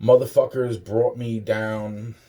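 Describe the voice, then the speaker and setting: A man's voice: fairly low pitch, flat delivery, takes it slowly, warm tone. A young man rambling to camera in a profane, laughing monologue full of restarts. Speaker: vlogger.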